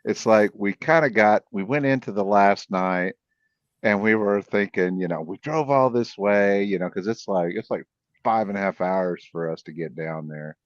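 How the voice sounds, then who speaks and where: Male guest, lowish voice, rambling animated storyteller; dull dry lo-fi sound. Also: moderate pace, no room sound. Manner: rambling, animated, many restarts. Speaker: podcast guest, cryptid investigator. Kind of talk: casual storytelling.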